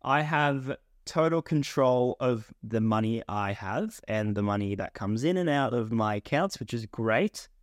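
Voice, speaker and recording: A man's voice: medium pitch, animated, a little slow, hardly any pauses, no echo, studio quality. A young man co-hosting a podcast, chatty and teasing. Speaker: podcast co-host. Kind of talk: casual chat. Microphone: podcast mic.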